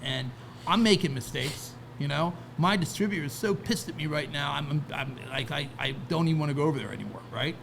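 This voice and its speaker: A man's voice: on the high side, brisk, creaky, hardly any pauses, background noise. A man talking casually as a podcast guest, rambling with many restarts and "right?" asides. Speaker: guest, record label founder. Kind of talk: casual interview talk.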